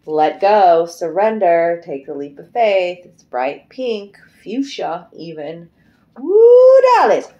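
A woman's voice: on the low side, animated, slow pace, hardly any pauses, warm tone, muffled recording. A middle-aged woman giving a casual, emotive tarot card reading, chatty and loose, swearing freely. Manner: chatty and emotive, breaks into singing. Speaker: tarot reader.

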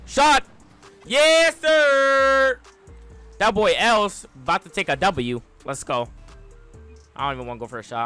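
A man narrates his own match in clipped calls, unhurried at base but breaking into sudden loud yells. His pitch sits mid-range for a man. Soft music plays faintly underneath. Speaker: gaming YouTuber. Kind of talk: live gameplay commentary.

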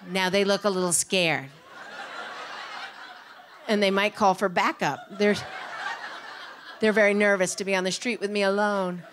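A woman doing stand-up storytelling on stage, animated, jumping into a loud high voice when she acts out what people said. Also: moderate pace, pauses often, a little hiss or hum. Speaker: storyteller comedian.

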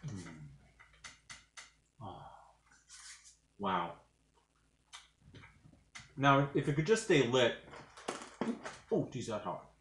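This medium-pitched man is very animated as he chats through a casual food review in his home kitchen, eating while he talks. He draws words out, pauses a lot, and rambles hesitantly with plenty of fillers. The audio is reverberant, with a noisy background.

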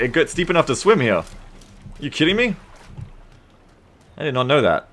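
An Australian man live-streaming a game, bantering with his viewers in a profane, sarcastic and animated way. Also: a little high, normal speed.

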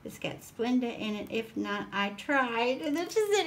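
Woman, craft vlog host, slow-paced, gushing unboxing chat. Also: mid-range voice, a little hiss or hum. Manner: gushing, exclaims over each item.

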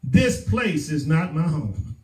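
A man's voice: on the high side, very animated, slow pace, darkish tone. A male pastor with a Southern US accent, preaching a sermon with emphatic repetition. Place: church sanctuary. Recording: roomy echo, voice from far off.

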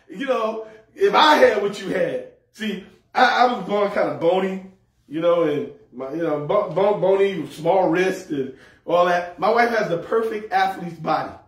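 A man's voice: sits high, animated, unhurried. A man preaching a sermon as pastor, humorous and folksy, repeating words as he goes. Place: church sanctuary. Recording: echoey hall, mic far off.

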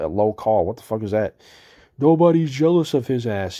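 A man's voice: medium pitch, lively intonation, normal speed, mellow. A man ranting in a commentary video, exasperated and sarcastic and swearing freely as he picks apart a chat exchange.

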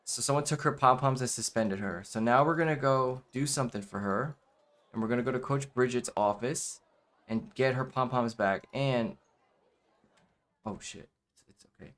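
A man's voice: medium pitch, normal speed, a bit bright. A man giving casual let's-play commentary, rambling with lots of fillers and repeated "okay.". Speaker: gameplay commentator.

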